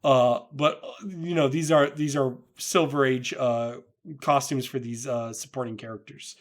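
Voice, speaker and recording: A man's voice: medium pitch, steady tone, measured pace. A man giving casual commentary on a classic comic, with stumbling, filler-heavy asides.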